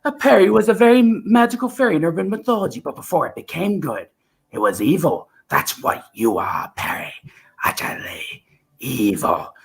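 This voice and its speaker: Theatrical high-voiced eccentric alien Doctor, breathless, swooping. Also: male voice, animated, moderate pace, vocal fry, husky, heavily acted. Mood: accusing. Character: eccentric male time-travelling alien Doctor. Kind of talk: amateur impression.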